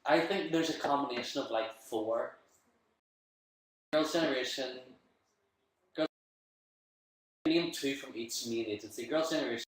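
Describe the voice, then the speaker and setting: A man's voice: medium pitch, a little slow, pauses often, roomy sound, low-quality recording. A young man visiting as a guest on a casual livestream, playful and joking, laughing easily. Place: bedroom at home.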